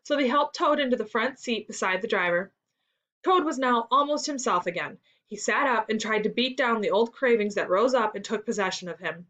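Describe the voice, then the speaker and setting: A woman reading a classic story aloud in an expressive storytelling manner for a school reading lesson. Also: fairly high pitch, fairly quick. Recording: dull lo-fi recording.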